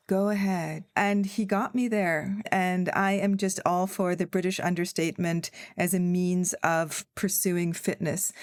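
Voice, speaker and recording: A woman's voice: lowish voice, darkish tone, no room sound. A woman editor chatting on a podcast, telling a story with dry, wry humor. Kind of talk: casual chat.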